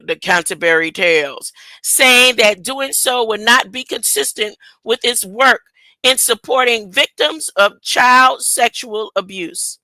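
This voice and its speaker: A woman's voice: on the high side, bright, forceful tone, dry recording, low-quality recording. A woman rambling through casual commentary and reading a news story aloud, tripping over words and laughing at herself. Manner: slow, drawn-out delivery. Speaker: online commentator.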